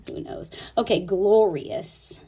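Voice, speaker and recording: A woman's voice: medium pitch, dark tone, slightly rough. A woman host talking casually through a Bible tabbing tutorial, thinking aloud as she marks pages. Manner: chatty, thinking aloud while marking her Bible. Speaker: Bible study video host.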